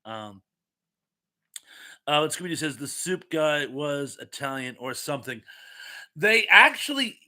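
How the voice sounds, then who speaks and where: A man hosting a casual live-stream chat, running trivia and telling animated, self-mocking stories. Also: on the high side, unhurried, long pauses. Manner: animated, chatty storyteller with self-mocking asides.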